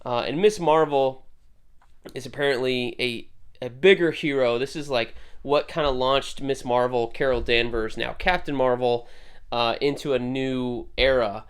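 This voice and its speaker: A man's voice: mid-range voice, unhurried, smooth. A man hosting a casual comic book review video, rambling and correcting himself as he talks. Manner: rambling, self-correcting, conversational. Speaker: host.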